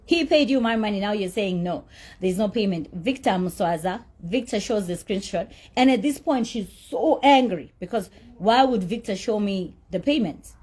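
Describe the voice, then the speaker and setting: A woman's voice: mid-range voice, expressive, moderate pace, a little mellow, husky. A woman telling her side of a payment dispute in a blunt, indignant monologue, often repeating herself for emphasis. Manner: blunt, indignant storytelling with profanity; emphatic repetition. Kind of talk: candid monologue.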